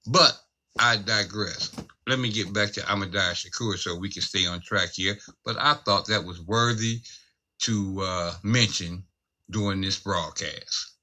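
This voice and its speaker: Low, bright-toned man co-hosting a podcast. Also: measured pace. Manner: addresses listeners as ladies and gentlemen, digressive. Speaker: podcast co-host. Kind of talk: casual commentary podcast.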